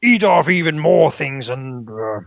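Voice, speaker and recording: A man's voice: a little high, lively intonation, normal speed, creaky, no room sound, highs cut off. A man voicing a dim-witted, boastful male ogre who speaks of himself by name in broken grammar.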